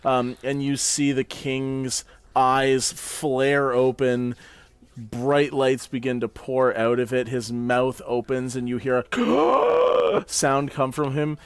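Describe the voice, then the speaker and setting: Slow, soft-spoken man playing a tabletop game. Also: mid-range voice, clear, resonant tone, dry recording. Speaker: player.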